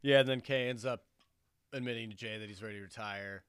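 Smooth low-voiced man chiming in. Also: fast talker, a bit bright, no room sound. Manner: chimes in with short plot details and agreement. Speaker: podcast co-host. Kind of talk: casual movie recap chat.

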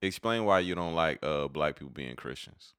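A man with a very low voice and a smooth, clear tone, recorded dry and close. He tells stories casually, full of slang. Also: animated, normal speed, a bit bright, no echo. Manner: laid-back anecdotal storytelling, slangy. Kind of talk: casual chat.

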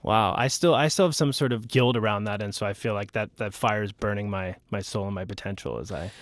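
A man hosting a public radio interview, asking questions in a relaxed, amiable way. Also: lowish voice, fairly quick, no echo. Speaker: radio host. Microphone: studio microphone.

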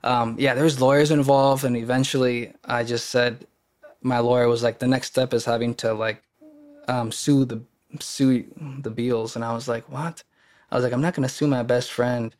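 A man's voice: medium pitch, little pitch movement, normal speed, darkish tone. A young man, a podcast guest and actor, telling a personal story in casual conversation, rambling with fillers and restarts and acting out quoted voices.

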